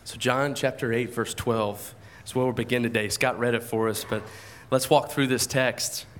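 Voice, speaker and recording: A pastor preaches a sermon at a church service through a handheld or stand microphone, speaking conversationally in a steady, mid-range voice at normal speed. He poses questions to the congregation and often repeats his opening words, with slight background noise audible.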